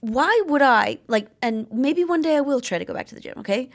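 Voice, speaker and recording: A woman's voice: high voice, lively intonation, a little fast. Blunt, swearing woman vlogger. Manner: blunt, swears freely, emphatic. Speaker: vlogger sharing chronic illness tips. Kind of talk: candid talking-to-camera advice.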